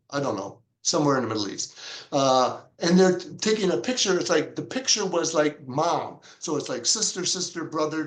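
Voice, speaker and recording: A man, a pastor, telling stories in an interview with a fairly high voice that leaps about as he acts out other people's words. The recording sounds roomy and echoey. He speaks in a lively, conversational way. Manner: animated, acts out quoted dialogue with big pitch jumps. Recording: echoey room.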